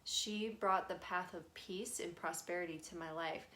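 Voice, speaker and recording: A young woman medium talks through a live channeling session in a slightly low voice. Her speech is casual and rambling, dotted with fillers and small laughs as she passes along messages. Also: fairly even intonation, moderate pace, pushed and bright, a little hiss or hum. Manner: relays messages in a chatty, giggly way with many fillers. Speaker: spirit medium.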